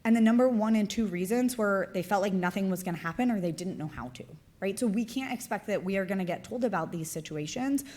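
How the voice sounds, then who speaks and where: A woman's voice: mid-range voice, fast talker, few pauses, darkish tone. A woman in her thirties giving a conference talk in a chatty lecturing manner, often adding "right?" and "like" as she goes. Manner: conversational, frequent "right?" and "like" fillers. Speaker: conference presenter.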